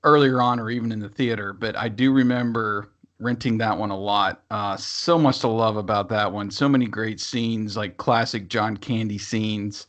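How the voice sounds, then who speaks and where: A man's voice: on the low side, fairly even intonation, normal speed, hardly any pauses, a bit bright. A man co-hosting a podcast, chatting casually about movies and rambling through fillers and restarts. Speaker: podcast co-host. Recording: dull lo-fi sound.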